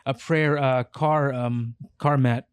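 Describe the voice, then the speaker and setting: A young man co-hosting a podcast, rambling with deadpan dark humor. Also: medium pitch, takes it slowly, clean tone, no echo. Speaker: podcast co-host. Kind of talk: casual chat.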